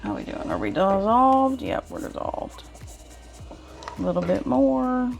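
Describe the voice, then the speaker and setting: A woman's voice: a little high, huge pitch swings, measured pace, vocal fry, faint music behind. A woman chatting folksily to viewers as she cooks in a home kitchen. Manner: chatty, folksy, talks to viewers while stirring. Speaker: home cooking vlogger. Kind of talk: casual cooking demonstration.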